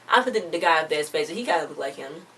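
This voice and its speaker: A woman's voice: low-pitched, animated, quick pace, sharp tone. A woman giving a casual, rambling recap of a TV episode, chatting with lots of fillers. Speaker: TV episode reviewer. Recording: distant mic with faint background noise.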